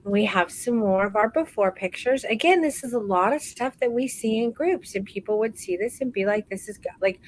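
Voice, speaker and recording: A woman hosting a live online photography class, talking warmly and encouragingly to her students, calling them "baby" and stretching out words for emphasis. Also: fairly high pitch, moderate pace, few pauses, low-quality recording. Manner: warm encouraging, calls people baby. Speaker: photography course instructor.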